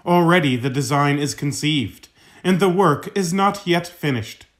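Brief: male reader, slightly high voice, slow and solemn, reading a sermon aloud. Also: lively intonation, fairly bright tone. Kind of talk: scripted reading of a sermon text.

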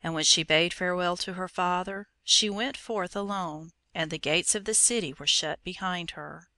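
A woman reading an old fairy tale aloud in a measured, expressive storytelling manner. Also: lowish voice, no echo. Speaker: narrator.

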